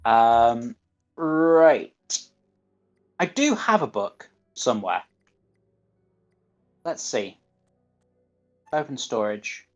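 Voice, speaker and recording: Slow-talking Northern English man streaming. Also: mid-range voice, sing-song, highs cut off, faint music behind. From northern England. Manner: mutters to himself, reading game menus aloud. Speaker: gaming streamer. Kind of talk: live gameplay commentary.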